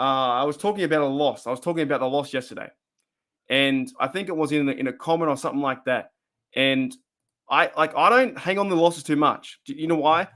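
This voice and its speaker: A man's voice: on the high side, a bit bright. An Australian man hosting a casual fan livestream, rambling and reading out viewer comments as he goes. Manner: chatty, rambling, reads out chat comments. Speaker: fan show host.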